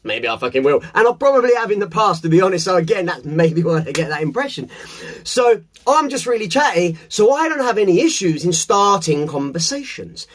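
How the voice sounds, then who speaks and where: Playful host, high and lively, cursing his way through a pep talk to camera. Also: brisk. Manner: swears often, animated and playful. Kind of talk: casual motivational monologue to camera.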